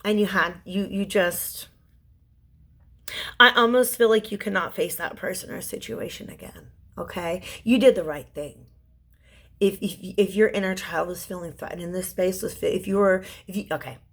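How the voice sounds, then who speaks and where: A young woman giving a gentle, soothing tarot reading, often restarting her sentences and sometimes dropping to a whisper. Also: medium pitch. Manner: halting restarts and repeated words. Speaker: tarot reader. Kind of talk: intuitive tarot reading to a viewer.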